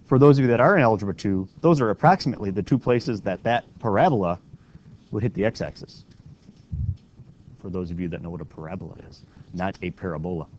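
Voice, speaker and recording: A man teaching a classroom math lesson, walking students through each step and often checking in with a quick question. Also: low voice, darkish tone. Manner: walks students through steps with frequent questioning "right?". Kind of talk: classroom lecture. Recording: dull lo-fi classroom recording with faint noise.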